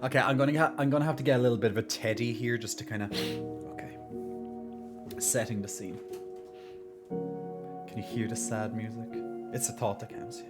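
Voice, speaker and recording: Over loud music, a man talks to his stream viewers in a steady, medium-pitched voice at normal speed, leaving long pauses. He is casual and playful, stumbling through fillers and restarts, and goes mock-solemn when playing up sad news.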